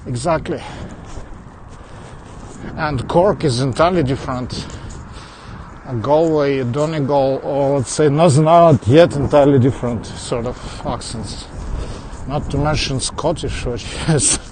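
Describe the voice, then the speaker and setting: A man's voice: medium pitch, measured pace. Chatty foreign-accented man on a street walk. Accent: mixed foreign accent in English. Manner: chatty, answers viewers as he goes, with small laughs and restarts. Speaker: livestreamer. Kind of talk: casual walking livestream chat. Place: outdoors on suburban streets. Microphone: phone carried while walking. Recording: outdoor street noise with passing traffic.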